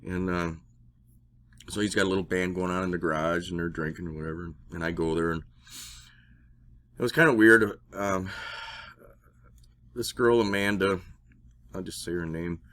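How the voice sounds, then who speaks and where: A man telling a personal story in a casual, rambling way. He swears and gets excited when he acts out dialogue. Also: low-pitched, normal speed, pauses often. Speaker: interview guest.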